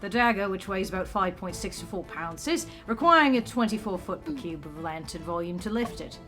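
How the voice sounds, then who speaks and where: A woman's voice: medium pitch, animated, fairly quick, bright, forceful tone, faint music behind. A woman voicing a precise, clever male police sergeant in a put-on British accent that slips toward Australian, speaking through nearly closed teeth. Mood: calculating. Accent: put-on British, slipping into Australian. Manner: talks through near-closed teeth, tired.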